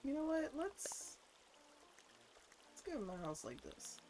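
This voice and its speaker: High-pitched with huge swings in pitch, a congested livestreamer talks casually at a measured pace while building, a little mellow in tone. Playful, they hum sing-song nonsense and use mock-formal phrasing. A bit of hiss or hum sits under the audio.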